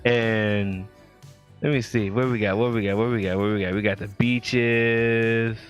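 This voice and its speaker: A man's voice: fairly low pitch, steady tone, a little slow, dull audio, faint music behind. A man hosting a casual late-night livestream, talking in a laid-back, slangy way and laughing often. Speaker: livestream host.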